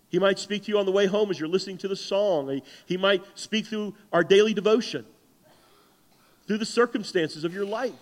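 High-voiced preaching pastor in a reverberant hall. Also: male voice. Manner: animated preaching, acts out quoted voices. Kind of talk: sermon.

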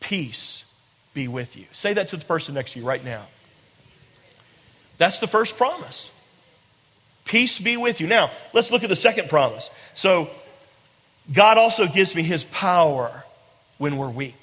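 A man's voice: high-pitched, big pitch swings, measured pace, long pauses, a bit bright. A man preaching a sermon to a congregation, emphatic and repetitive, often asking rhetorical questions and speaking directly to the listeners. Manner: emphatic, repeats phrases, asks rhetorical questions. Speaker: pastor. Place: large room with a congregation. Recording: long hall reverb.

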